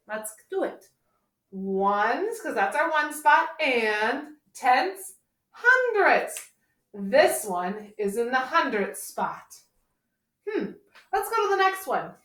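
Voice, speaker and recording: A young woman teacher walks children through a lesson on video in a high, bright-pitched voice. She talks slowly and playfully, coaxing her pupils to join in. The sound carries an echoey room. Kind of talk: recorded online math lesson for children. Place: classroom or home room, filming a board.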